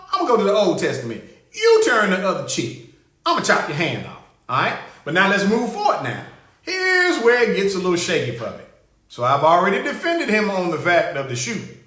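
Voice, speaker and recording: A man hosting a radio talk show, holding forth in an animated, sarcastic, down-home preaching way. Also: high voice, echoey room. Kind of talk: opinion talk radio monologue.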